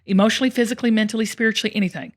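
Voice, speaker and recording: A woman host telling a personal story in casual conversation, emotional and expressive, often speaking straight to her listeners. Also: a little high, rapid-fire. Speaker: show host.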